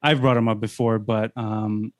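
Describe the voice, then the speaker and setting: A man's voice: on the low side, steady tone, normal speed, dry recording, clean studio sound. A man hosting a sports podcast, talking in a casual, rambling way with many restarts. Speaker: podcast host. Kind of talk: casual chat.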